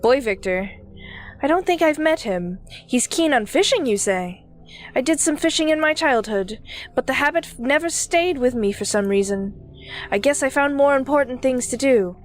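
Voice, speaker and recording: A woman's voice: high-pitched, expressive, normal speed. A woman voicing a pompous elderly man with a British accent who claims to be God. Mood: haughty. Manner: smug, self-important, condescending.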